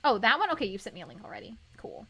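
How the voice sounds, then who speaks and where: A young woman streamer chatting casually and reading chat aloud, bubbly, with lots of quick repeated yeahs. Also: mid-range voice, sing-song, fairly bright tone, breathy edge. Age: young adult. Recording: stream with music playing behind.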